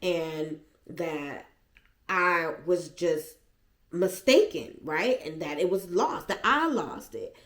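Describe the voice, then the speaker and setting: A woman's voice: fairly low pitch, lively intonation, slow pace, a bit bright. A woman vlogger at home, animatedly and emotionally retelling a personal story. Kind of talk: storytime vlog. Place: at home, seated. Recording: echoey room.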